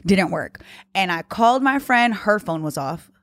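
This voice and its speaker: A woman guest on a podcast, telling a story in casual chat, lively and exasperated as she quotes others. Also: medium pitch, moderate pace, dry recording, clean studio sound.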